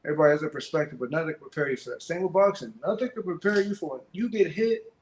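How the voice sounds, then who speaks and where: Male boxer guest, lively storyteller, slightly high voice, roomy echo. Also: racing, a little hiss or hum. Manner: animated storyteller, profane, acts out quotes. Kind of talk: casual interview chat.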